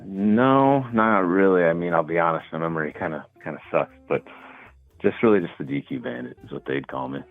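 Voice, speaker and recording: A very low-voiced man calling in over a thin, tinny phone line. He tells his stories in a laid-back, rambling way, full of "like" and "you know." The line sounds dry and close. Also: fairly quick, dry recording, soft background music. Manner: laid-back storytelling with fillers. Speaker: caller. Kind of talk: casual phone call.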